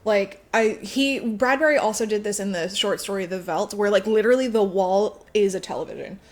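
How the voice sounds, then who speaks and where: A woman co-hosting a casual podcast, talking through a story's plot in a loose, chatty way. She swears freely and throws herself into quick voicings of the characters. Her voice sits at a middle pitch. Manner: chatty, swearing, acts out characters' lines with big jumps in pitch. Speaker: podcast co-host. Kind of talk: casual chat, retelling a book plot.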